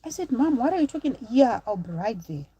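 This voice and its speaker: A woman's voice: a little high, big pitch swings, brisk, mellow, breathy edge, dull audio. A woman from Zimbabwe in her thirties, chatting on a live stream, telling a personal story to viewers and breaking off to thank supporters.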